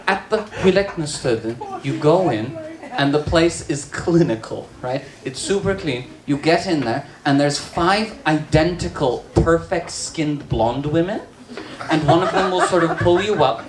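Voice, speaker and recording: A trans woman works through a stand-up set, telling stories with dry, deadpan asides. Her voice rings through a roomy bar, and the crowd's laughter rises around her. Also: low-pitched. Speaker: stand-up comedian. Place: bar with live audience.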